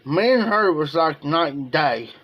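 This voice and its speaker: A man's voice: on the high side, expressive, unhurried, muffled recording. A man from Ohio talking casually on a livestream in a rambling, emotional way, often repeating himself. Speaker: live streamer.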